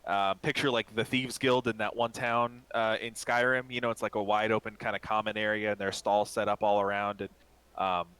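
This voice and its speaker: Bright-toned man running a tabletop game. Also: fairly low pitch, smooth, poor audio. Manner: rambling, many fillers and restarts. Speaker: game master. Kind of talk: casual tabletop game narration.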